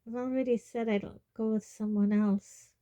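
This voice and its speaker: An embarrassed, apologetic teenage girl, put on by a woman reader, speaking slowly and softly. The voice stays dark and mellow. A storybook reading. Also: a little high, fairly even intonation, lightly acted.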